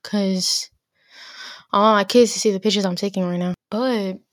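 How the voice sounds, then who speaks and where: A woman's voice: medium pitch, steady tone, moderate pace, no room sound, studio quality. A teenage girl hosting her own podcast, ranting bluntly and exasperatedly with lots of filler words. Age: teens. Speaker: podcast host. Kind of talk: casual solo rant.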